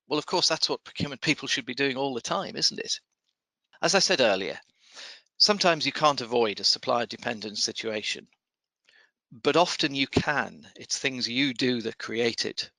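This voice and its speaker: A man hosting a podcast, reading procurement news in a measured, dryly wry way and then interviewing a guest. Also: mid-range voice, animated, creaky, bright, forceful tone, dry recording, poor audio. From United Kingdom. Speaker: podcast host. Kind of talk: scripted news commentary and interview.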